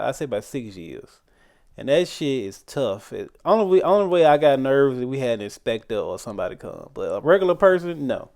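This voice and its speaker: A man's voice: mid-range voice, big pitch swings, brisk, vocal fry, darkish tone. A man hosting a reaction video, chatting casually with profane, laughing interjections.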